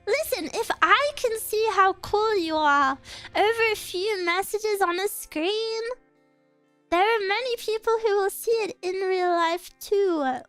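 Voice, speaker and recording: A woman's voice: extremely high pitch, a little slow, a bit bright, no room sound, faint music behind. A woman streamer in a casual live chat, earnestly encouraging her viewers and getting a little choked up. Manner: gets choked up and emotional.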